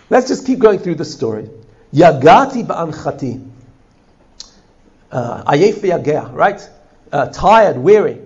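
A man's voice: fairly high pitch, lo-fi sound. A man teaching a text-study class, translating line by line and checking in with his listeners. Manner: animated, translating line by line with frequent "right?". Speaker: Torah teacher.

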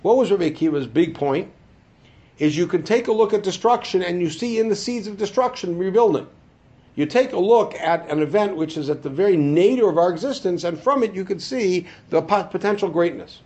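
A man teaching a Torah class, asking the room rhetorical questions and answering them himself, dropping into low asides and rising to emphatic high points. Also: expressive, a little fast, darkish tone, husky, dull audio. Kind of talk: classroom lecture.

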